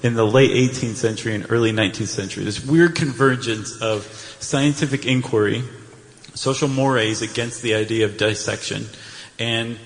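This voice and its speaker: A man's voice: mid-range voice, fairly even intonation, normal speed. An American man co-hosting a podcast live on stage, telling the story with wry, playful jokes. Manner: wry, jokey, playful asides. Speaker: podcast co-host. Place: large hall with live audience. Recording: live hall recording with faint noise.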